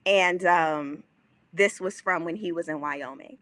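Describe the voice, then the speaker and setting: A woman guest on a podcast, telling a personal story in a casual, animated way and acting out the dialogue, with some swearing. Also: on the low side, a little slow, no room sound. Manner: animated, acts out quoted dialogue, swears freely.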